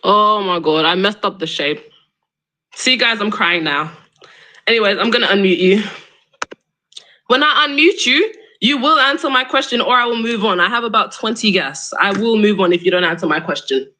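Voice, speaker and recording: A woman's voice: mid-range voice, normal speed, bright, forceful tone, low-quality recording. A young woman hosting a live debate stream, argumentative and exasperated, pressing her question again and again. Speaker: livestream debate host.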